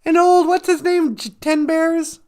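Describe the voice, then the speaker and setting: A man's voice: extremely high pitch, steady tone, a little slow, darkish tone. A man hosting a livestream, retelling a film as a casual, jokey, rambling story with many self-corrections. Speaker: livestream host.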